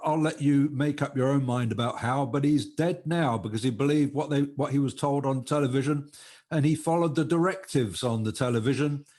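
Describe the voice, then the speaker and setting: A man hosting an interview, talking haltingly and repeating his words. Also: medium pitch, a little mellow. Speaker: interview host. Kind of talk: casual interview talk.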